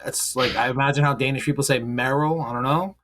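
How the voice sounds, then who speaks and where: A man's voice: mid-range voice, steady tone, fairly quick, fairly bright tone. Joking, profane male podcast host. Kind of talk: casual podcast chat.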